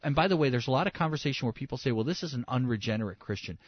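A male pastor preaching a sermon, swinging between loud emphasis and soft hushed asides, acting out quoted voices. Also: mid-range voice, animated, very fast, slightly rough, no room sound, lo-fi sound. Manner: acts out quoted voices and inner dialogue.

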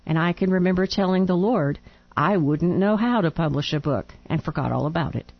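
A woman's voice: on the low side, brisk, no room sound, lo-fi sound. A woman co-hosting a radio show, reading a listener's letter aloud and breaking off to laugh. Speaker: radio co-host.

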